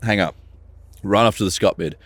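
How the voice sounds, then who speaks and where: A man's voice: fairly low pitch, brisk, fairly bright tone, dry recording. A young man co-hosting a podcast in casual chat. He rambles through stories and acts out the dialogue. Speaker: podcast co-host.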